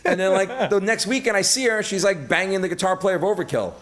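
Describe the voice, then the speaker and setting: Sitting high in pitch and talking quickly, a middle-aged man from Brooklyn tells stories on a podcast. He curses freely and brings each quote to life in an animated way.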